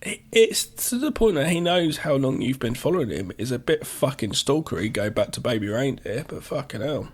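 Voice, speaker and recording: A man co-hosting a podcast, giving sweary, excitable commentary on a film in casual chat. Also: mid-range voice, a little fast, hardly any pauses, slightly rough. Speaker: podcast co-host.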